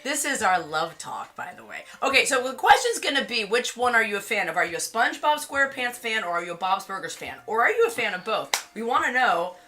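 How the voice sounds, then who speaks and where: Bright, chatty, giggly woman streamer. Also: fairly high pitch, very animated, a little fast, hardly any pauses. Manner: chatty and giggly, reads chat aloud. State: tired. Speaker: livestream co-host. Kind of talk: casual livestream chat. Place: home studio in Los Angeles area.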